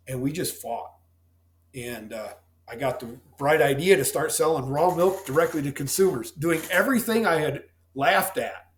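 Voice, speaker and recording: Folksy farmer, roomy sound. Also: male voice, fairly high pitch, normal speed. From Missouri. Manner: plainspoken and folksy. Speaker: dairy farmer guest. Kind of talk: heartfelt storytelling in a podcast interview. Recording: roomy echo.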